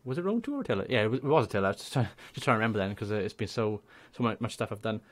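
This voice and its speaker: A young man with a Welsh accent, a gaming YouTuber chatting casually and rambling through channel shout-outs. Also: fairly low pitch, expressive, racing. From Wales. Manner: chatty, rambling, laughs often.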